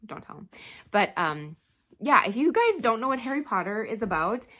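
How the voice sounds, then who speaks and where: Woman, young adult, book vlogger, chatty, animated, laughs between thoughts. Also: on the high side, moderate pace. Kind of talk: casual chat.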